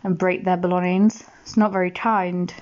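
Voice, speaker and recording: A woman reading a bedtime story aloud, gentle and expressive, asking the listener questions. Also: fairly low pitch, normal speed, highs cut off.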